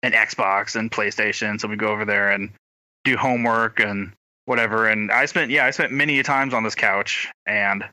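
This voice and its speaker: Young male co-host, meandering and self-deprecating, headset mic. Very bright tone, dry room. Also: fairly low pitch, steady tone, normal speed, no room sound, rough recording. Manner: rambling, self-deprecating, trailing off with fillers. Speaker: podcast co-host. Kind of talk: casual chat. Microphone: gaming headset.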